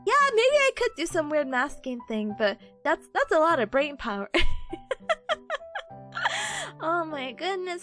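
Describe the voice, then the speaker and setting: A woman's voice: high-pitched, big pitch swings, a little slow, pauses often, fairly bright tone, soft background music. A woman streamer in casual live chat, playful and silly, laughing often between lines. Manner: silly, sings sound effects.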